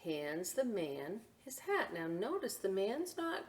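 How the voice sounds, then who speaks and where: In a medium-pitched voice, a middle-aged storytime reader at the library goes slowly through a picture book. She keeps things animated and conversational, often breaking off to speak directly to the young kids.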